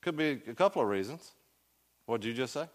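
A man's voice: medium pitch, animated, a little fast. A man teaching a Sunday school Bible class, asking the room questions and joking with his students in a folksy way. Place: church classroom.

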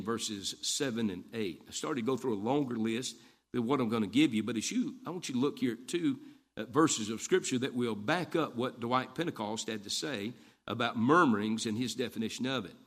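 A man's voice: medium pitch, expressive, brisk, fairly bright tone. A man preaching a folksy sermon, telling stories and repeating lines for emphasis. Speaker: Baptist preacher.

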